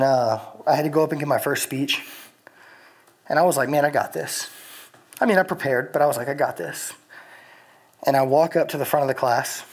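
A young adult preacher with a husky, breathy voice, telling a story in a loose, chatty way. The talk is casual and full of filler words, more like chatting with friends than a formal sermon. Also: medium pitch.

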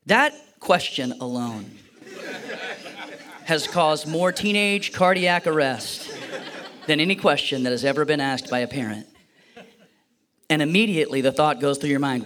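A man's voice: fairly high pitch, measured pace, pauses often, a bit bright. A man preaching a sermon, telling a personal story and acting out the voices in it with a playful manner. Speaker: pastor.

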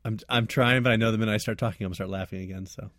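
A man's voice: fairly low pitch, fairly even intonation, racing, a bit bright, no room sound. A man co-hosting a casual film chat, who keeps breaking into laughter mid-sentence. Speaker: podcast co-host. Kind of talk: casual chat about films.

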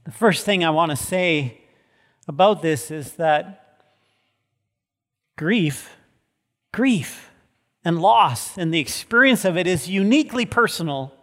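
A man's voice: on the high side, lively intonation, slow pace, pauses often, a bit bright. A man giving a sermon as pastor, earnest and emphatic, repeating key words for weight. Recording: long hall reverb.

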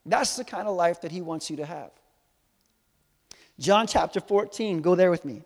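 A man preaching a sermon to a live congregation, animated and swinging from soft to loud, teasing and quizzing his listeners. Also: sits high, moderate pace, creaky. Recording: long hall reverb.

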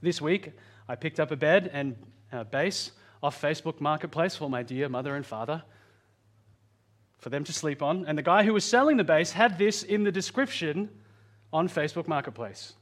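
A man preaching a sermon, earnest, slowing down and speeding up for emphasis. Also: lively intonation. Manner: earnest, varies pitch and pace for emphasis. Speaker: pastor.

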